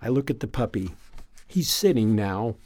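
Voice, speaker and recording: A man reading a first-person story aloud in a calm, measured, reflective way. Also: lowish voice, dry recording. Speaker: narrator.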